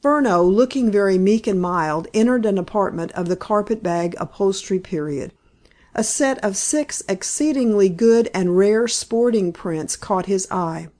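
A woman reading a novel aloud in steady, even scripted narration. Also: mid-range voice, a little slow. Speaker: audiobook narrator.

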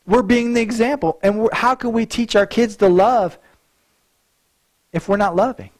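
A man's voice: high-pitched, moderate pace. A male pastor preaching a sermon in an earnest way, often repeating words as he restarts a thought.

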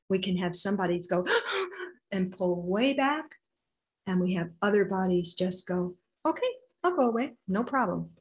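An older woman tells stories from her healing work in an animated way, acting out the voices of the people in them. Her voice sits at a middle pitch, and she talks as a guest being interviewed. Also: poor audio. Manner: animated, acts out quoted voices. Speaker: intuitive healer guest. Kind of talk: storytelling interview answer.

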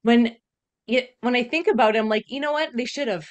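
Woman on a podcast, bit high voice, excitable and chatty. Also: brisk. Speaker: podcast co-host. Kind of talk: casual chat.

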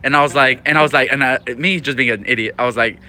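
Young guy, rapid profane storyteller, sharp energetic voice. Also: mid-range voice. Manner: animated, profane, rambling storytelling. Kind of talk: casual trash talk.

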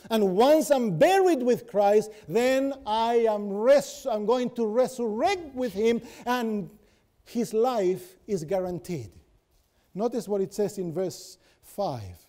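A man's voice: high voice, animated, slow pace, dark tone. A man, a pastor, preaching a sermon and telling stories, with many rhetorical questions to the congregation.

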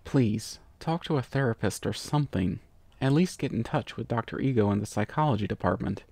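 A man's voice: medium pitch, expressive, fairly quick, darkish tone, breathy edge, no echo. A man voicing a curt, dismissive university dean, read out as a letter in a storybook reading.

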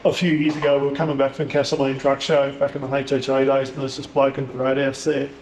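A man's voice: medium pitch, monotone, fast, a little mellow, slight background noise. A man with an Australian accent, a podcast guest telling stories in blunt casual chat, swearing freely. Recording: echoey room, faint ambience.

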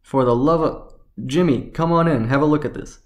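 A man's voice: on the high side, moderate pace, voice pushed up, natural voice. A man reading as a brash young assistant. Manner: blunt, slangy.

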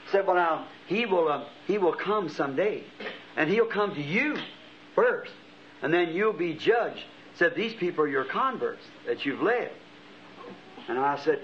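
A man's voice: fairly high pitch, animated, a little slow, slight background noise. A middle-aged man preaching a sermon, telling a vision as a story with impassioned rising exclamations. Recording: dull lo-fi archival tape.

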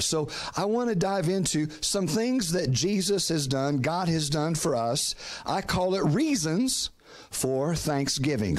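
A middle-aged man preaching a sermon as pastor, calling on the congregation to repeat words, often restarting phrases. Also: a little high. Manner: preaching with call-and-response prompts to the congregation.

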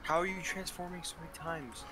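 A man's voice: on the high side, fairly even intonation, a little fast. A man playing a horror game with friends, laughing a lot, swearing and teasing. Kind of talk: excited gaming chat. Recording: loud game music behind. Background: game music.

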